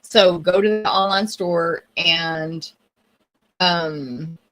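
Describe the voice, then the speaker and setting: A woman's voice: fairly low pitch, very slow, fairly bright tone. A woman hosting a live craft demonstration, talking casually and chattily, often losing her train of thought. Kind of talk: casual live-stream chat.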